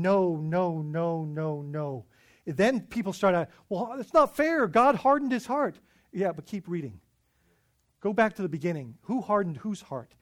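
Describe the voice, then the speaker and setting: A pastor preaches a sermon in a high-pitched voice, animated and emphatic. He acts out the voices of scripture and often repeats words as he goes.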